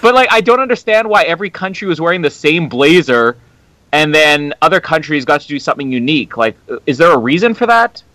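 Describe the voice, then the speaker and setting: A man's voice: fairly high pitch, very animated, fairly quick, sharp tone, dry recording, poor audio. A Canadian man co-hosting a casual podcast, rambling and incredulous. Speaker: podcast co-host.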